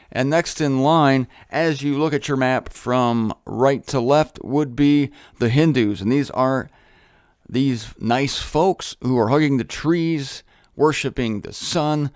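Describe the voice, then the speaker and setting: A man hosting his own show, teaching in a casual, chatty way with jokey asides and animated emphasis. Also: mid-range voice, smooth, dry recording, studio quality. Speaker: host. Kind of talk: casual solo Bible teaching talk.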